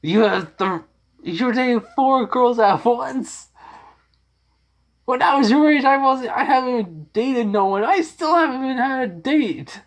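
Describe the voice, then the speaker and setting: A man voicing a flustered older male ninja in a high, strained, exclaiming voice. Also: unhurried. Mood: shocked.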